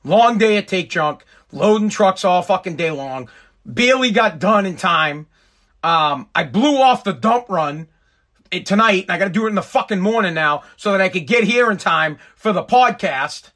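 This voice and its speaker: A man's voice: high-pitched, expressive, moderate pace, a bit bright. A man in his thirties hosting his own podcast, ranting in a profane, exasperated and rambling way. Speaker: podcast host. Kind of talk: solo podcast rant.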